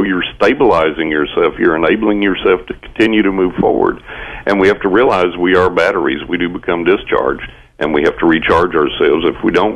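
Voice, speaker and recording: Gravelly deep-voiced radio guest. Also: male voice. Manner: earnest, reassuring, explanatory. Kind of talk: talk radio advice. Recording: dull lo-fi radio recording.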